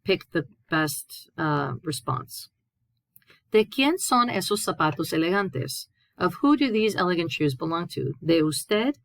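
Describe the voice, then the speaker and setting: Very animated yet keeping a measured pace, a woman with a low, darkish voice and noticeable vocal fry leads her students through Spanish grammar. As a teacher in this recorded lesson, she reads examples aloud and patiently translates them. The audio is dry and close, with no room reverberation.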